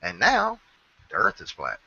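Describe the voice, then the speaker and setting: A man's voice: deep voice, huge pitch swings, unhurried, gravelly, bright, forceful tone, slight background noise. A man with a Southern country accent, rambling in casual, heavily profane chat about a friend. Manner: rambling, profane, swears constantly. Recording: dull lo-fi audio.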